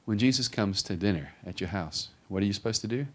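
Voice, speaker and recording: Preaching with a lowish voice, this middle-aged pastor talks fast and barely stops for breath. His delivery is animated as he acts out the Bible characters.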